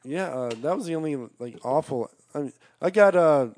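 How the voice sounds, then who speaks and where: A man telling a long story in casual chat, rambling, swearing constantly, and shouting out the lines of the people he quotes. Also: on the high side, animated, moderate pace, slight background noise. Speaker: storyteller guest.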